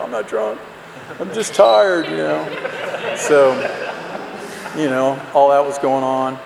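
A man telling a candid, self-mocking personal story to an audience, rambling with lots of fillers. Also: mid-range voice. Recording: roomy hall, faint background noise.

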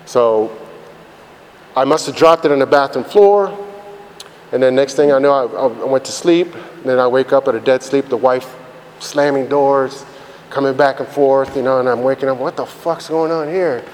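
A man tells his recovery story in candid, rambling testimony, swearing freely and leaning on fillers. His middle-pitched voice carries a long hall reverb. A faint hum of background noise sits under it. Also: moderate pace. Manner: blunt and profane, rambling with many fillers.

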